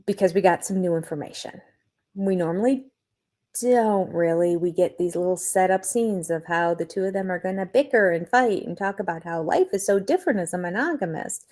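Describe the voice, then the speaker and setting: Older woman chatting opinions, mellow voice. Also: on the low side, normal speed. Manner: opinionated, chatty, laughs often. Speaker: reality TV review host. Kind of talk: casual live-stream commentary. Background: cat nearby.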